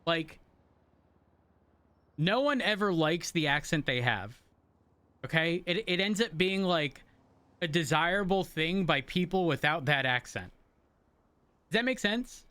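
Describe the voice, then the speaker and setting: A man's voice: on the high side, lively intonation, a little slow, pauses often, pushed and bright, smooth, no room sound. A man streaming and chatting casually with viewers while gaming, rambling through explanations with many restarts. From rural area, then a city. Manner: rambling, self-interrupting explanations.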